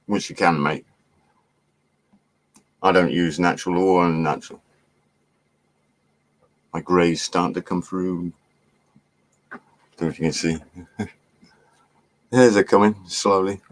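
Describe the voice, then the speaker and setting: A middle-aged man hosts a rambling livestream, chatting loosely as he reads the chat, laughing often and swearing now and then. His voice is low and steady, a little slow, with frequent pauses.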